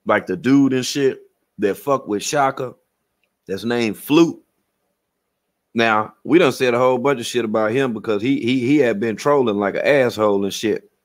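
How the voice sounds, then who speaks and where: A man's voice: medium pitch, moderate pace. A man hosting a livestream, ranting profanely and acting out quotes as he tells his stories. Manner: profane, animated storytelling with acted-out quotes. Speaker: livestream host. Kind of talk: casual livestream rant.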